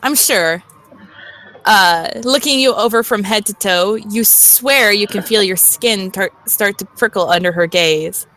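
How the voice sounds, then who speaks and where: A woman's voice: mid-range voice, unhurried, sharp tone, a little hiss or hum. A young woman co-streaming a text game, reading narration and chatting casually between passages.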